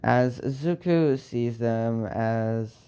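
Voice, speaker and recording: Slow, halting young man telling a story. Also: medium pitch, dark tone, clean tone. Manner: halting, many restarts and fillers, sighs. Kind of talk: improvised fan story narration.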